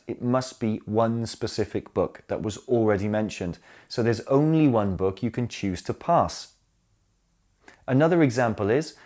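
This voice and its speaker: Guy narrating an english grammar lesson, clear and careful, reads out the example sentences, medium-pitched voice. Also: darkish tone. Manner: clear, deliberate explanations with spoken examples. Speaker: English teacher.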